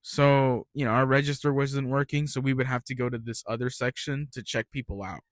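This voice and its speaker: A man's voice: mid-range voice, steady tone, fairly quick, no echo. Young man rambling through retail rants. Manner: rambling, ranting, swears freely. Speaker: retail worker telling stories. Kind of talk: casual storytelling monologue.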